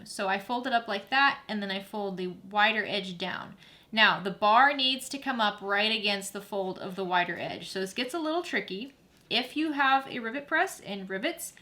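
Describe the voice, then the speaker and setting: A woman's voice: medium pitch, pushed and bright. A woman hosting a sewing tutorial, giving friendly, practical step-by-step instructions while she works at her machine.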